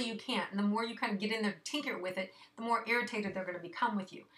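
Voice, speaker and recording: Woman host with a bright, clear voice, casual and encouraging, a little out of breath, speaking to viewers directly. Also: mid-range voice. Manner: chatty, reassuring, many fillers. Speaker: astrology forecaster. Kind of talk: casual monthly astrology forecast.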